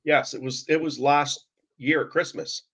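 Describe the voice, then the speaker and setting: A man's voice: a little high, steady tone, normal speed, fairly bright tone. A man from Canada joining a casual chat as a guest over a video call, easygoing and friendly toward viewers. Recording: dull lo-fi video call audio.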